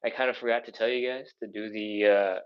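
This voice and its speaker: A man coaching a live follow-along stretching workout, counting down and cueing breaths in a fast, jokey way. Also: on the low side, clear, resonant tone, dull audio. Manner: energetic cueing and counting aloud. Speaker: stretching instructor.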